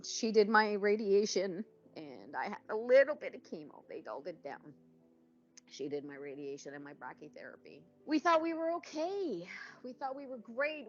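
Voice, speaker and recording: Fifty-something woman telling her cancer story, low gravelly voice, kinda muffled recording. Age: 50s. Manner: candid storytelling, acting out quoted voices. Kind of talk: personal testimony.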